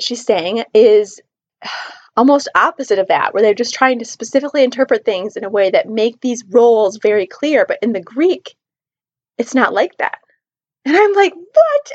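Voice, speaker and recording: A woman's voice: on the high side, dull audio. A woman talking to her viewers in a casual vlog, earnest and emphatic, repeating her points for stress. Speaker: Christian book reviewer. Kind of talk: casual personal vlog talk.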